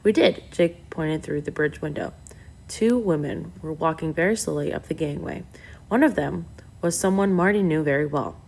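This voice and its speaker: A woman reads a novel aloud in steady, plain narration. Her voice is low and gravelly. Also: normal speed. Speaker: audiobook reader.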